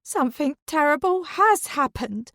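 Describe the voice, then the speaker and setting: A woman's voice: very animated, unhurried, darkish tone, dry recording, studio quality. A woman narrator voicing a distraught middle-aged woman who wails melodramatically over a broken heirloom. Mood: tearful, outraged. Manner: shrill, wailing, theatrical. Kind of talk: audiobook character voice.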